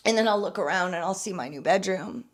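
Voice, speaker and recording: A young woman hosting a podcast, speaking candidly and earnestly about her own past, turning soft and emotional at moments and emphatic at others. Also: mid-range voice, quick pace. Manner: earnest and confessional, swinging between soft and emphatic. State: emotional, near tears at times. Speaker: podcast host. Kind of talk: casual personal testimony.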